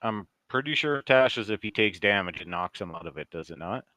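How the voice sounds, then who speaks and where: A man's voice: lowish voice, expressive, brisk, sharp tone. A man acting as game master in a tabletop game, giving easygoing rulings.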